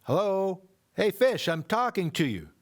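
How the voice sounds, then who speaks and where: A man's voice: big pitch swings, slow, heavily acted. A man reading a storybook aloud and voicing an impatient, rude young boy with a raised, pushy voice. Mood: annoyed. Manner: high, pushy and petulant.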